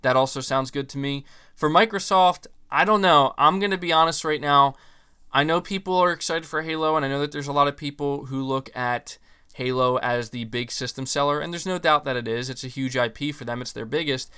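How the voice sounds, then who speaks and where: A man hosting a gaming podcast, chatting casually and answering viewer comments in an animated, opinionated way with many fillers. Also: fairly high pitch, a little fast, clean tone. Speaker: podcast host.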